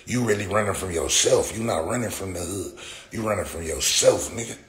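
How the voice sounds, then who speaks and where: Here a man in his forties, hosting a livestream, delivers a profane, casual rant and reacts to what his chat writes. His low voice is expressive and fairly quick, set in an echoey space with faint ambient noise.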